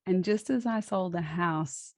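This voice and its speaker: A female guest recounts a personal story in a relaxed, chatty manner, frequently laughing and stopping to start her sentences over. Her voice is slightly low with a darkish tone, and she speaks a little slowly. The recording is close and dry, with no room sound.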